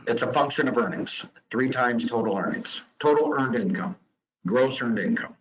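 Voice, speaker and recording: A man of medium pitch explains insurance details to a webinar audience in a steady, explanatory way. The sound is somewhat dull and lo-fi, like call audio. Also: normal speed. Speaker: guest insurance expert, regional vice president. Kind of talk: answering questions in a webinar.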